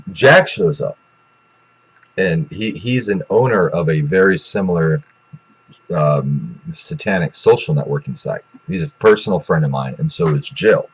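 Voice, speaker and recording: A man's voice: sits low, breathy edge, highs cut off. A man telling a rambling, profane story in a casual way, with lots of restarts.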